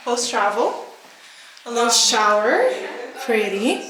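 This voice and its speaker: A woman vlogging casually in a rented apartment, chatty and excitable, dropping in Dutch words. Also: on the high side, slow, roomy sound, crowd noise, rough recording. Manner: bubbly, chatty, exclamatory, mixes in Dutch words. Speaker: travel vlogger. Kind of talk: casual chat to camera. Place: apartment indoors, with companions.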